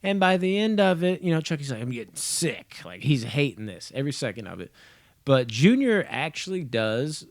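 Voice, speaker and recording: A man's voice: on the high side, sing-song, normal speed, no echo, studio quality. Rambling, profane young man reviewing. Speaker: movie and TV reviewer. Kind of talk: casual spoken episode review.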